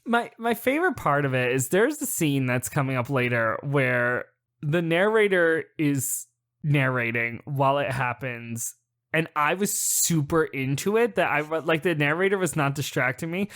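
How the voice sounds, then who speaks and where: A man co-hosting a casual podcast, who talks excitedly, swears freely and climbs to near-shouting when thrilled. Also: fairly high pitch, moderate pace. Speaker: podcast co-host. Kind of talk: casual chat.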